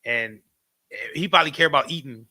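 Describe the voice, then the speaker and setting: A man leads a class in a loose, preaching style, repeating himself and checking in with the room. His voice sits fairly high and rings bright and forceful, and he laughs often as he talks. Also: brisk. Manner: animated, repetitive, frequent asides to the audience; laughs often while talking. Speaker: class teacher.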